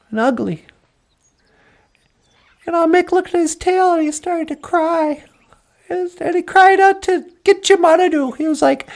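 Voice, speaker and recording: A woman telling a folk tale in a playful, chatty, animated way. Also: high-pitched, creaky. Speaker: storyteller. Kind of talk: oral folk storytelling.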